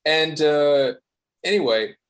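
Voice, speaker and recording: A man's voice: a little high, takes it slowly, clean tone. A man with an Australian accent, a guest guitarist on a podcast, talking casually and self-deprecatingly with lots of fillers and restarts.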